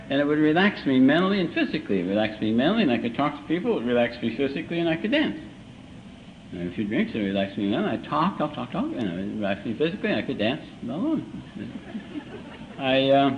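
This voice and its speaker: An older man giving a recovery meeting talk, telling his story with dry, self-mocking humor and slow, deliberate timing, in a muffled old live recording. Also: medium pitch, slight background noise. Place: meeting hall.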